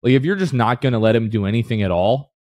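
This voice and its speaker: A man co-hosting a casual sports podcast who talks in animated bursts and rants, then calls himself back down. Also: mid-range voice, fast, no room sound. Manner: animated, ranting then apologizing. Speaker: podcast co-host.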